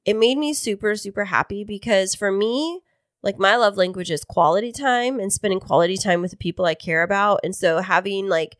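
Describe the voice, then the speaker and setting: Casual podcast co-host, woman in her thirties, lively storyteller, dry studio sound. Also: brisk, no echo. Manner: animated storyteller, mimics others in high voices. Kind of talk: casual chat. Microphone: studio microphone.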